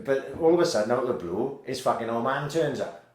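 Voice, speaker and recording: A man co-hosting a podcast, retelling things quickly with slang in casual chat. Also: medium pitch, expressive. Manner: fast, chatty retelling with slang. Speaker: podcast co-host. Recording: roomy, echoey room sound.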